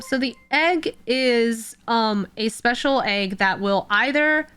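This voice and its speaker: A woman's voice: fairly high pitch, slow, smooth. A young woman streamer casually retelling an anime plot, rambling with lots of filler words. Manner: rambling, heavy on "like" fillers, animated storytelling. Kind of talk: casual chat. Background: faint music.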